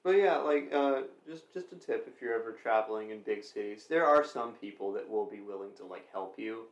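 A man's voice: on the low side, animated, brisk, highs cut off. Male host, casual joking podcast chat, roomy sound. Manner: joking, rambling with fillers.

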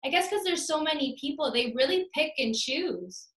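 A woman's voice: sits high, animated, moderate pace, a bit bright. A woman hosting an interview, asking upbeat, encouraging questions in casual chat. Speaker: interview host. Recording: echoey room.

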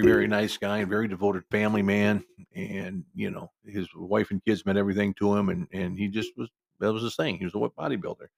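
A man's voice: sits low, creaky, dry recording, studio quality. A man in his sixties telling a true story from his working life in a casual, emphatic, conversational way that wanders into asides.

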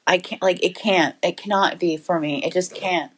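A woman's voice: fairly low pitch, fairly even intonation, normal speed, husky, low-quality recording. Woman swearing through a taste challenge. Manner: swearing, groaning and laughing at gross flavours. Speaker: podcast host. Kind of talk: casual chat while doing a taste challenge.

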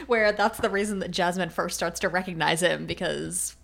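A woman co-hosting a podcast in a casual book discussion, playful and quick to laugh. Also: on the low side, gravelly, fairly bright tone. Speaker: podcast co-host.

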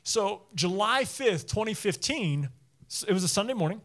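During a church service, a pastor aged somewhere in his thirties or forties tells chatty personal stories as his sermon, laughing frequently. His voice sits high and sounds animated and fairly bright, moving at a moderate pace.

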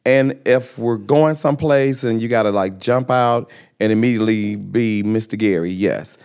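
A man guesting on a podcast, telling lively stories and acting out the other people in them. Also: fairly low pitch, moderate pace, smooth. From Missouri. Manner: animated storyteller, acts out voices in his anecdotes. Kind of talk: casual podcast interview.

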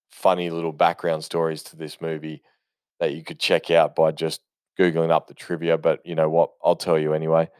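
Deep-voiced man swearing through movie talk. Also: a little mellow, clear, resonant tone, no room sound, studio quality. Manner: rambling, profane, enthusiastic storytelling with many fillers. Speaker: movie commentator. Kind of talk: casual spoken movie commentary.

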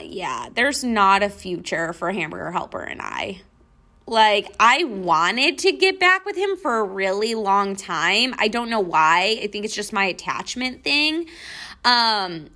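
Bright chatty young woman podcaster. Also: mid-range voice. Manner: chatty, frequent "like", mocking retellings. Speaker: podcast host. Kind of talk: casual storytelling to listeners.

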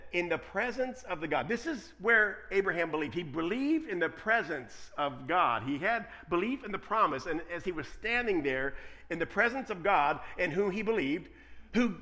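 A man preaching a sermon, moving between quiet conversational asides and loud, emphatic points. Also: high voice. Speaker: pastor.

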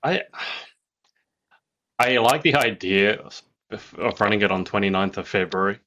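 A man's voice: on the low side, measured pace, sharp tone, slight background noise. An Australian man co-hosting a podcast, chatting casually in a playful, teasing storytelling way. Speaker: podcast co-host. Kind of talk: casual chat.

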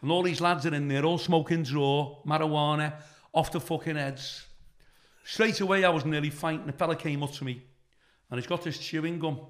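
A middle-aged British comedian, appearing as a guest, tells a profane anecdote and acts out the people in it. He's animated, speaking at normal speed in a fairly high voice.

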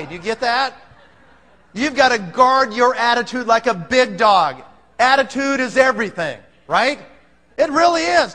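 A man's voice: very high voice, pushed and bright. A man giving an emphatic, pumped-up motivational talk to a live audience, firing off rhetorical questions. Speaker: motivational speaker. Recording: long hall reverb.

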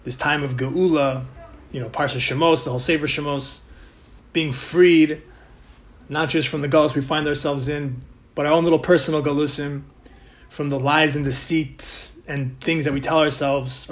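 Man, relaxed Torah lesson, slightly raised pitch. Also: moderate pace. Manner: conversational, peppered with Hebrew and Yiddish terms. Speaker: Torah teacher. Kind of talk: casual weekly Torah talk.

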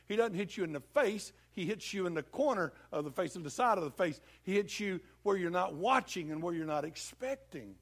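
Animated, gravelly male preacher. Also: sits high, a little fast, hardly any pauses. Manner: folksy, animated storytelling with homely comparisons. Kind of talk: sermon.

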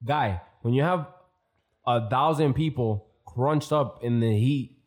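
Young man, Miami accent, mid pitch, blunt and profane co-host. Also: slow. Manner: blunt, laughing, swearing. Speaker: podcast co-host. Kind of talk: casual chat.

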